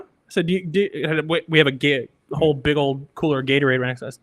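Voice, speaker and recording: A man who works as a radio engineer, a guest on a sports podcast, telling anecdotes in a lively way and acting out other people's lines. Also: a little high, quick pace, dry recording. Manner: animated anecdotes, acts out quoted voices. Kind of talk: casual storytelling.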